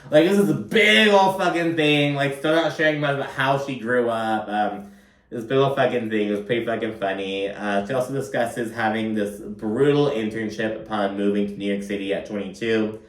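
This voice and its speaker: A man's voice: fairly low pitch, normal speed. A man casually recapping a reality show, gossipy and profane, peppering his talk with "like.". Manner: gossipy, profane, frequent "like" fillers. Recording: roomy, distant from mic.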